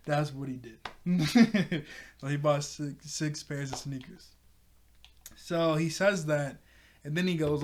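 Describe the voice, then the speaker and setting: Chatty man with a higher voice. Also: slow pace. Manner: chatty, laughs often mid-sentence; restarts and self-corrections. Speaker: show reviewer. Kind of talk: casual episode review.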